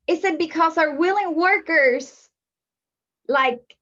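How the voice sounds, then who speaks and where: A woman with a high voice leads a casual group discussion and asks questions hesitantly. She fills her pauses often, and the audio is muffled and lo-fi. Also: fairly bright tone. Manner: hesitant, many fillers. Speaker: workshop facilitator.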